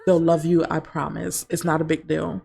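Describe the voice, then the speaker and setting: A woman's voice: sits low, flat delivery, normal speed, vocal fry, mellow. A woman voicing a young adult man, an earnest, hurt boyfriend, as she narrates a life-sim game. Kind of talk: voicing game characters in commentary.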